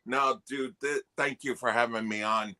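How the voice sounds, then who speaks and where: A man on a casual panel chat, joking around in an animated way. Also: mid-range voice, moderate pace, a crowd in the background. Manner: jokey, animated.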